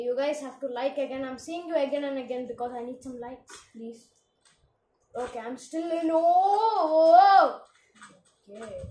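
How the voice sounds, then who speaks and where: High-voiced excitable woman gaming. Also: echoey room, a little hiss or hum, poor audio. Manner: excitable, frequent exclamations. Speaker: gaming channel host. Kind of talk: casual game commentary.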